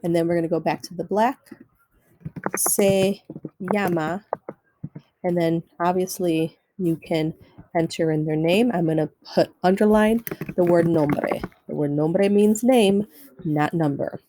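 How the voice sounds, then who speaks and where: A woman's voice: on the low side, a little slow, noisy background. A woman teacher giving a recorded Spanish lesson, talking students through notes step by step and repeating keyboard shortcuts. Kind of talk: recorded screen-share lesson.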